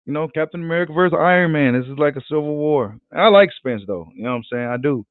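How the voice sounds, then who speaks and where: A man hosting a casual boxing livestream, talking in an animated, slangy, profane way and repeating himself as he reads comments. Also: on the high side, fast talker, dry recording. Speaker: boxing channel host. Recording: tinny phone-like audio.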